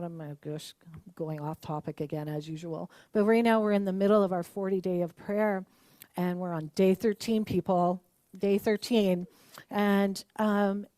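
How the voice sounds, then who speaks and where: Warm-voiced woman giving a casual sermon. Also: mid-range voice, no echo. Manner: conversational and animated, acting out quoted voices. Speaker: minister.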